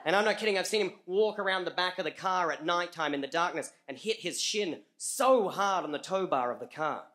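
An Australian man tells a comic story on a live stage, in a high, bright voice. He halts often, repeating words and adding fillers. His tone stays lively and sharp. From rural Australia. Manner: halting, with frequent repeats and fillers.

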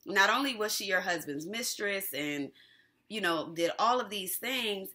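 A woman hosting a casual TV episode recap, animated and slangy, who laughs often. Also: medium pitch, a little slow. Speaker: TV recap host.

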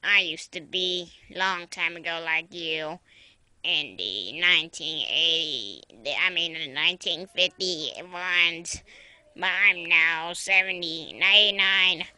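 Style: puppet comedy. Figure: woman voicing an old pirate grandpa, bright and slow. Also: on the low side, clean tone, dry recording, voice pushed down, heavily acted. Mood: rambling. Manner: growly pirate talk, calls everyone laddie. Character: dying old grandfather, former pirate, man in his nineties.

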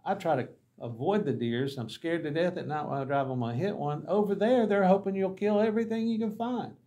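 This man's voice sits high and mellow, moving a little fast as he leads a Bible lesson built on anecdotes. He's a pastor sharing funny, folksy tales from the mission field and playing out the conversations himself.

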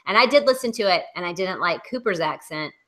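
A woman's voice: on the low side, animated, fast talker, pushed and bright. A woman with a Southern American accent, co-hosting a casual book club chat, opinionated and chatty, laughing often. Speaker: podcast co-host.

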